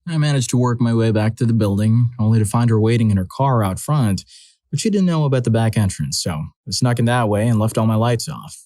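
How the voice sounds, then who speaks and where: A man narrating scripted first-person stories with a steady, wry delivery. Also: fairly low pitch, no room sound.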